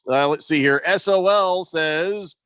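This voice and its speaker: A man's voice: fairly high pitch, measured pace, crowd noise. A man hosting a sports talk radio show, joking and reading listener texts aloud in a studio. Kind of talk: casual sports radio banter.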